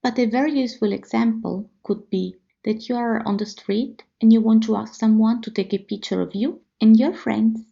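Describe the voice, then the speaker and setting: A woman with an Italian accent teaching a language lesson, repeating phrases slowly and carefully for learners. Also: a little high, steady tone, creaky, dark tone. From Italy. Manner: slow, careful repetition for learners. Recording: slightly dull lo-fi audio.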